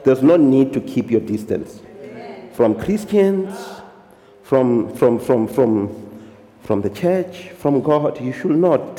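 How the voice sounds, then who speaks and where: A pastor preaching in a church hall, his voice mellow and a little higher than most men's. He drops amens between his points and slips between English and local languages. The sound rings with long reverb around the room. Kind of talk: sermon. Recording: echoey hall.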